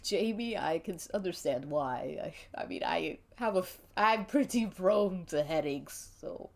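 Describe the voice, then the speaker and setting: A woman's voice: on the low side, a little mellow. A woman voicing a fussy, theatrical older man with a haughty, pompous manner. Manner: haughty, pompous old queen voice.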